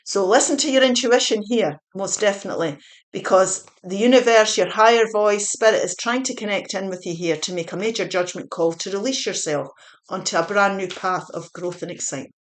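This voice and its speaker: A woman's voice: medium pitch, a little fast. A woman giving a spiritual pick-a-card tarot reading, earnest and encouraging, repeating her points with small fillers. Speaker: tarot reader.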